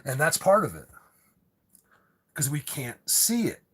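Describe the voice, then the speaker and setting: Excitable husky man talking to viewers. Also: a little high, measured pace. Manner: excitable, rambling, talks to viewers directly. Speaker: livestream host. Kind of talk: excited live video chat.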